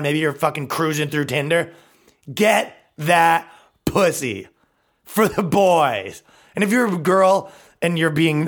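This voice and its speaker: A man hosts a comedy podcast solo, riffing in a crude, sarcastic rant. His voice sits a little high and jumps around a lot, dipping into mocking put-on tones. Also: a bit bright. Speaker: podcast host.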